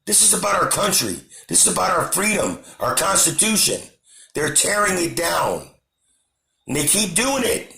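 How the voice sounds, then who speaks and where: A man from the United States rants to camera with impassioned, repetitive fervor. His voice sits a bit high and carries a gravelly fry. The room around him rings with echo. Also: very animated, normal speed. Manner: impassioned, repetitive, shouting at times. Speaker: channel host. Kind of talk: angry political rant to camera.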